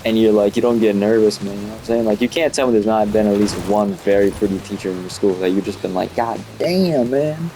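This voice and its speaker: A late-teen student tells rambling, profane stories about school while playing a video game, casually peppering his talk with fillers like "you know" and "like." His low voice has little pitch movement, he talks quickly with hardly any pauses, and the background is noisy.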